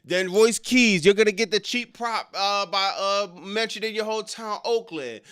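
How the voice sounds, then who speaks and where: A man's voice: high-pitched, normal speed, fairly bright tone, smooth. Exasperated slangy man ranting on stream. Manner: exasperated, slangy, mocks lines in exaggerated voices. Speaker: wrestling commentary streamer. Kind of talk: casual reaction stream.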